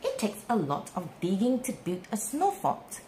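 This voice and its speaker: A woman reading a children's bedtime story aloud in a slow, sing-song, expressive way. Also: medium pitch, a little hiss or hum. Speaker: storybook reader.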